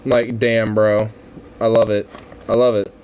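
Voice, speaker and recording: A man's voice: lowish voice, level tone, measured pace, darkish tone. Young guy cussing out a clip, mocking and laughing, some faint noise behind. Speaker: commentator reacting to a clip. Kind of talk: profane reaction commentary.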